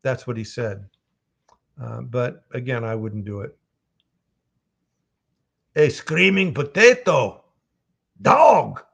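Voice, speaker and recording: Gravelly man chatting with fans. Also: mid-range voice, expressive, slow pace, pauses often, a bit bright. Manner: chuckly, storytelling, reads chat aloud. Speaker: voice actor at a live signing. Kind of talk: casual chat reading fan questions.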